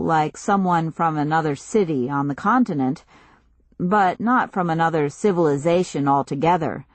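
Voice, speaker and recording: A woman narrating a novel in a measured, even storytelling manner, close to the mic. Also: on the low side, no echo. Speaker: audiobook narrator. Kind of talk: scripted narration.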